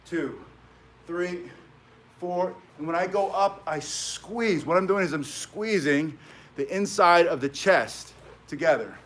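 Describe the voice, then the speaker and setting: A man's voice: a little high, expressive, unhurried, a bit bright. A middle-aged man teaching self-defense, talking casually with chatty asides and frequent "right?" tags. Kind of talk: casual instructional talk.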